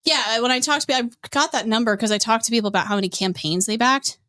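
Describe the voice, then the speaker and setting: Higher-voiced woman ranting bluntly. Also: fast, pushed and bright. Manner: blunt, profane, heated and sarcastic. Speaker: podcast host. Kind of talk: casual podcast rant.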